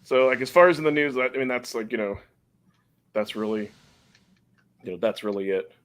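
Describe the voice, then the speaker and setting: A man talks at a mid pitch as he hosts a relaxed podcast. He chats easily, laughs a lot and now and then trips over words. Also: a little fast. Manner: chatty, laughs often, stumbles over names. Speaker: podcast host. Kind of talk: casual podcast chat.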